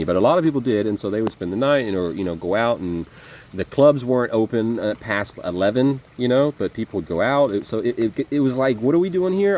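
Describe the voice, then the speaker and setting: A man's voice: low-pitched, darkish tone, slight background noise. A man telling war stories to camera in a rambling, conversational way, with lots of fillers and restarts. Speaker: vlogger. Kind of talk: casual storytelling monologue.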